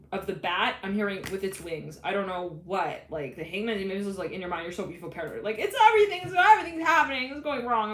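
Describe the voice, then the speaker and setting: A woman's voice: mid-range voice, roomy sound, slight background noise. A woman giving a live tarot reading, rambling and giggly as she relays what she is hearing. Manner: rambling, giggly, channeling messages. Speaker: tarot reader.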